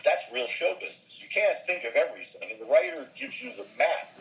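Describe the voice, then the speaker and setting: Older man, lively storytelling voice. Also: a little high, brisk, vocal fry, lo-fi sound. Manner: animated, slips into character voices. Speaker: voice actor and comedian guest. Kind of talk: anecdotal interview storytelling.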